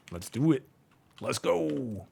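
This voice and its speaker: Gravelly laid-back man. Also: mid-range voice, a little mellow. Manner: laid-back, rambling, swears casually. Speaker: StarCraft coach and streamer. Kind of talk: casual game commentary and chat with viewers.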